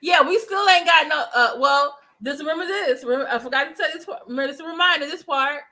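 A woman recaps the gossip for her viewers, chatty and animated. She talks to them directly. Her voice sits high and bright. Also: quick pace. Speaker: commentary vlogger. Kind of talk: casual gossip commentary.

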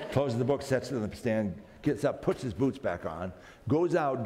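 At a camp meeting, a man dramatically tells a story for family worship, often restarting his phrases. His voice is mid-range and a little mellow, with long hall reverb and faint background noise.

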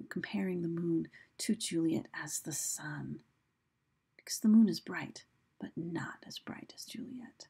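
A woman's voice: lowish voice, gravelly, mellow, slightly rough. A woman teacher giving a recorded lesson, explaining casually with fillers and restarts, and reading quoted lines with dramatic emphasis.

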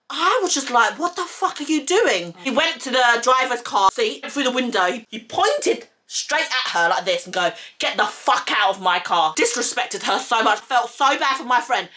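A young woman, telling a personal story in casual chat, animated and acting out what people said. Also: on the high side. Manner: animated, acts out quotes, swears. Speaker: vlogger telling her story.

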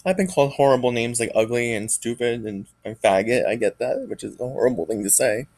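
A man on the verge of tears pours out a personal vlog confession, halting and hesitant, his sentences often trailing off. His voice sits at a middling pitch, and the sound is dry and close, with no room around it. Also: steady tone, a little mellow, dry recording, rough recording. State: near tears. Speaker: vlogger.

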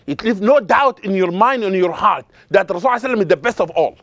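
A man's voice: sits high, expressive, fast, few pauses, no room sound. A middle-aged man, an imam, teaching a class on Quran recitation, quizzing his students and breaking into chanted verses. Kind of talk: lively classroom lesson.

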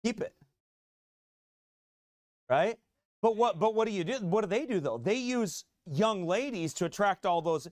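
A middle-aged man, a pastor preaching a fiery, combative sermon that rises to shouts. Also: high-pitched, lively intonation, normal speed, no room sound, studio quality. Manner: combative, mocking, repeats phrases, rising to shouts.

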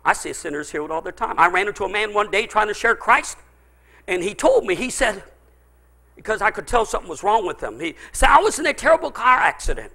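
A middle-aged man, a pastor, preaching a sermon as he tells stories, swinging between loud exclaiming and low, intense stretches. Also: very animated, brisk.

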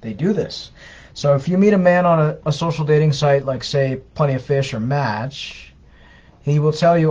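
A man's voice: on the high side, normal speed, darkish tone. A man co-hosting a live question-and-answer stream, giving advice in a casual, conversational way with frequent fillers and restarts. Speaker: co-host answering viewer questions. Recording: dull lo-fi livestream audio.

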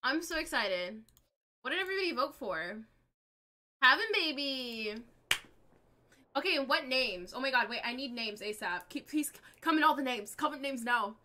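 A young adult woman streaming a game live, chatting with viewers and reacting aloud in an excitable, chatty way. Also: sits high, moderate pace.

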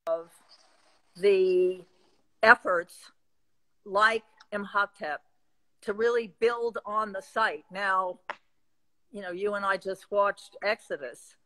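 A woman with a Midwestern accent speaking reflectively as a guest in a live chat, pausing and restarting as she thinks. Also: mid-range voice, pushed and bright, poor audio. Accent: American Midwestern.

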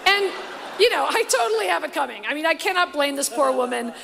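A woman comedian doing a live stand-up set, telling gossipy stories and mocking people with quick impressions. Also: high-pitched, big pitch swings, creaky, a bit bright. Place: large theater stage before a live audience. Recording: live hall recording with crowd noise.

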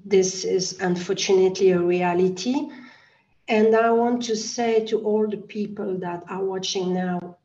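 A woman's voice: mid-range voice, fairly even intonation, unhurried, warm tone, recorded from a distance. A woman being interviewed as an animal communicator, speaking earnestly and reassuringly with slightly non-native phrasing. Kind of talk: interview conversation. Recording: echoey, dull lo-fi sound.

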